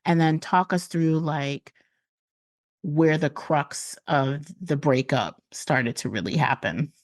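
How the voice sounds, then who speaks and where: Woman podcast host, low voice, dry close sound, chatty and curious. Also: takes it slowly, no room sound. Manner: warm, probing questions with frequent affirming hums. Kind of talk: casual interview chat.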